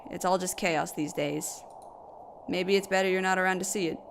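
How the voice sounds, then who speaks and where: A woman's voice: on the low side, steady tone, moderate pace, vocal fry, a little hiss or hum. A woman voicing a grieving young mother who talks bitterly and tearfully to a grave, swearing as she goes. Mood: bitter grief.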